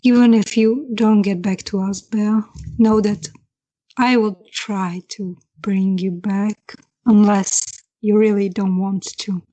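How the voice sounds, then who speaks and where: A woman speaking in character during a tabletop role-play session. She talks slowly and hesitantly, restarting her sentences as she searches for words, in a mid-range voice. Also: medium pitch, steady tone, warm tone, lo-fi sound. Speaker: player.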